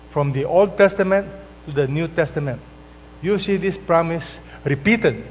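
A man preaching a sermon as pastor, slow and emphatic, drawing out the scripture quotes he reads. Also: on the high side. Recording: dull, lo-fi sound with long hall reverb and mains hum.

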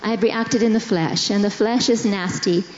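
A middle-aged woman telling a personal story to a church congregation in a slow, earnest way. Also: medium pitch, a little mellow. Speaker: pastor's wife sharing testimony. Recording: echoey hall, dull sound.

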